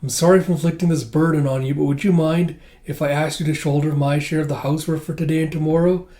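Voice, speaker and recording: A man voicing a tired, composed young husband who is secretly a spy, in a calm, inner-monologue delivery. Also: a little high, fast, natural voice. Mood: earnest.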